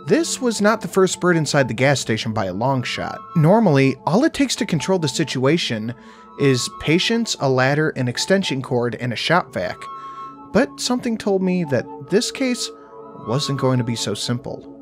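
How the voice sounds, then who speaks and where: A man's voice: a little high, sing-song, moderate pace, soft background music. A man narrating a first-person horror story in a dry, wry storytelling manner.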